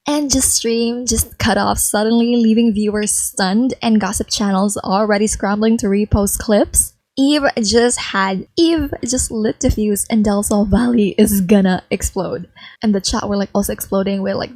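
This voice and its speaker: A woman's voice: medium pitch, fairly even intonation, moderate pace, darkish tone, no room sound, rough recording. A young woman narrating a life-sim game in a chatty, gossipy way, full of "like". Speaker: gaming creator. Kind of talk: casual gameplay narration.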